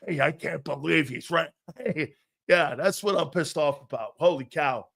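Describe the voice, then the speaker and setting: Brash, loud sports host. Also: male voice, on the high side, moderate pace, creaky. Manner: brash, loud and animated, often laughing at himself. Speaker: sports talk show host. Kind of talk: live sports talk show reacting to chat.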